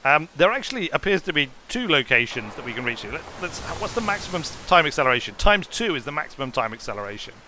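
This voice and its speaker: A man's voice: on the high side, big pitch swings, fast, hardly any pauses, pushed and bright, slight background noise. A man giving casual, rambling gameplay commentary, playful and prone to trailing off. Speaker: game commentator.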